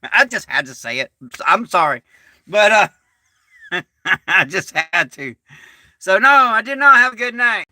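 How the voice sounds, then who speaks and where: Animated, folksy bright-voiced man. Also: high voice, unhurried, long pauses, no room sound, studio quality. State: recovering from illness. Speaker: livestream host. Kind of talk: casual livestream chat.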